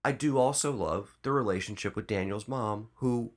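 A man co-hosting a podcast in a studio, chatting casually and excitedly, swearing and saying dude a lot. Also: lowish voice, moderate pace. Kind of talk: casual chat.

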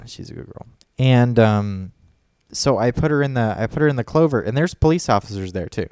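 A man's voice: medium pitch, lively intonation, brisk, a little mellow, clean tone, no room sound, studio quality. A man telling a story in a casual podcast chat, rambling and swearing often. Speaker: podcast co-host.

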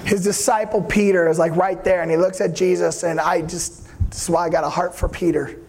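A man's voice: high-pitched, fairly even intonation, a little fast, darkish tone, slight background noise. A man preaching a sermon, telling the story animatedly with casual slang.

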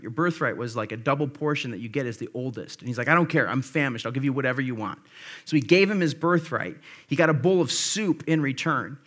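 A man's voice: on the high side, bright, forceful tone. A man preaching a sermon, reading scripture aloud and paraphrasing it in a casual, conversational way. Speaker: pastor.

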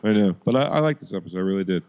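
A man's voice: sits low, animated, racing, clean tone, highs cut off. A man co-hosting a podcast in casual chat, laughing often and swearing. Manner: laughing, profane. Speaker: podcast co-host.

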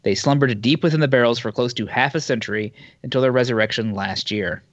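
A man's voice: mid-range voice, quick pace, no room sound. Male co-host, casual, reads items with small stumbles; dry, slightly dull sound. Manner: reads news items aloud with small slips and asides. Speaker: podcast co-host. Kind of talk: casual chat reading news.

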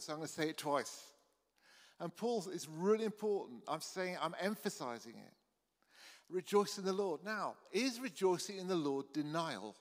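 A man's voice: on the high side, in a large hall. A pastor giving a sermon in a conversational, earnest way, often restarting his sentences. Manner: conversational, earnest, with frequent restarts and "you know". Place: church hall.

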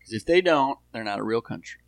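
A man's voice: mid-range voice, animated, fairly quick, no echo. Jokey rambling man, dry sound. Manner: jokey, rambling, laughs often. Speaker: podcast co-host. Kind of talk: casual comedic chat.

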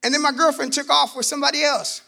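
High bright gravelly-voiced man testifying. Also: quick pace. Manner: animated, acts out quotes, bursts loud. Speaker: testimony speaker. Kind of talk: personal faith testimony storytelling.

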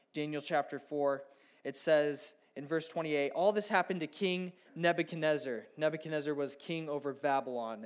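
A man in his thirties preaching a conversational sermon, acting out imagined inner thoughts. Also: a little high. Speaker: pastor.

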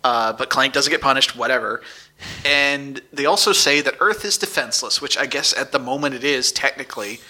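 A man's voice: medium pitch, fairly quick, pushed and bright. A man co-hosting a podcast, casually recapping an episode with a rambling, wry delivery. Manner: rambling, wry, narrates scenes. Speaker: podcast co-host.

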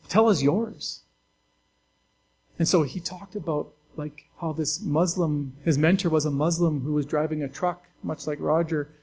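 A man's voice: fairly high pitch, a little mellow, poor audio. A man pastor delivering a conversational, earnest sermon to his church, with fillers and restarts.

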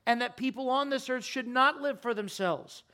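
A man preaching a sermon in a church, impassioned, his voice climbing high and loud, then sinking to a quiet, earnest plea. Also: moderate pace. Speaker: pastor. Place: church sanctuary.

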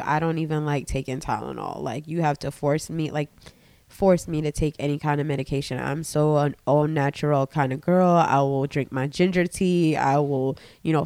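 Congested woman with a smooth, clear voice. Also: low voice, brisk, dry recording. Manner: candid, animated storytelling with many fillers. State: congested, slightly raspy from a cold. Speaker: podcast co-host. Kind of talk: casual chat. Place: living room couch in a home.

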